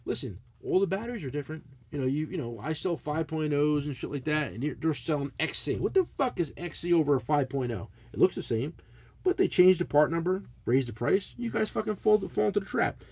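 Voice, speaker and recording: A man's voice: on the high side, brisk, breathy edge, dry recording. A middle-aged man, telling a profane, blunt story in casual chat as a podcast co-host. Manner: animated, swearing, blunt ranting.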